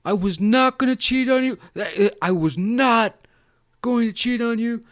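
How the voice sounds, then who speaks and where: A man putting on the voice of a frantic, panicky grown man, shrill and whining, with cursing. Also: measured pace.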